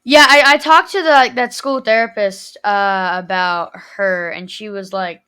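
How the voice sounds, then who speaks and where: A woman's voice: mid-range voice, very animated, takes it slowly, bright, forceful tone, clean tone. A teenage girl telling a rambling, emotional story in a casual vlog, full of fillers. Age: teens. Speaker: vlogger.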